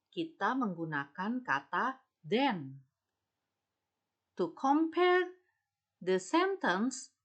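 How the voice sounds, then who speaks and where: Slow, lively Indonesian-accented woman teacher. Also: medium pitch. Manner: slow, explains in English then repeats in Indonesian. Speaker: English teacher. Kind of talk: recorded classroom lesson.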